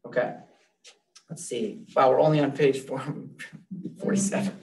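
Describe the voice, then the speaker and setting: A man's voice: medium pitch, unhurried, darkish tone, recorded from a distance. A man leading a live real estate training class, talking loosely and joking with the room.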